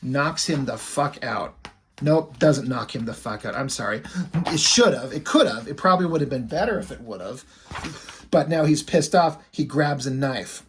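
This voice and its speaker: A man's voice: medium pitch, lively intonation, normal speed, a little hiss or hum. A man casually recapping a comic book story in a rambling, filler-heavy way, swearing freely.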